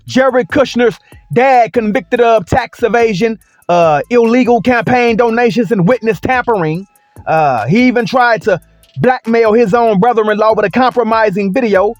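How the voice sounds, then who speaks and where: A man with an extremely high-pitched voice speaks in a dry recording. The commentary vlogger delivers a sarcastic opinion rant packed with rhetorical questions and emphatic repetition.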